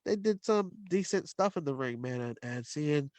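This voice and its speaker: A man co-hosting a wrestling podcast in casual chat, excitable, laughing often and stumbling over restarts. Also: on the high side, moderate pace, no room sound. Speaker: podcast co-host.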